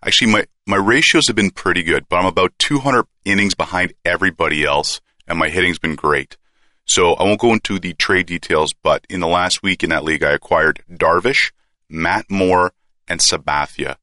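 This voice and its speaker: A man's voice: low-pitched, normal speed, pushed and bright, dry recording, clean studio sound. A man with a Canadian accent hosting a casual fantasy sports podcast, joking and ribbing his guest. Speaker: podcast host.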